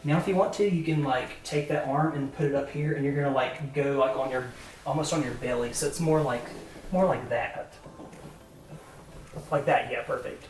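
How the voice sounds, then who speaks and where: A woman's voice: a bass voice, moderate pace, a little mellow. A woman with a Southern American accent directing a boudoir photo shoot, coaching poses in an upbeat, chatty way with lots of fillers. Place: indoor photo studio, roomy. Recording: echoey room, mic far off, faint music.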